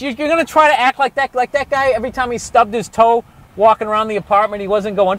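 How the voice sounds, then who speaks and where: A man doing comedy as he walks a city street outdoors, ranting loudly and sarcastically and swearing constantly. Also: very high voice, fast. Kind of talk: profane ranting walking tour.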